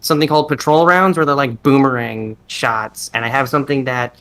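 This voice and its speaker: Speaking a little fast, a male podcast co-host with a steady, slightly bright mid-range voice chats casually. His talk wanders as he sorts out his thoughts, full of fillers, self-interruptions and restarted sentences.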